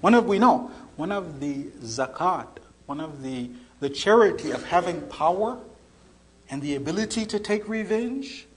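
A man delivering a storytelling sermon, animated and acting out the voices in his story. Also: sits high, moderate pace, slight background noise, poor audio. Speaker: preacher.

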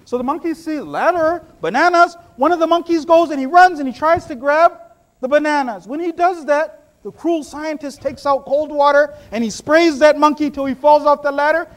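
A man preaching a sermon, telling stories with animated swings between loud bursts and low hushed asides.

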